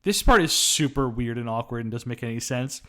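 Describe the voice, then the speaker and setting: A man co-hosting a casual film review podcast, retelling scenes in an animated way and acting out the movie's lines. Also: medium pitch, brisk. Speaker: podcast co-host.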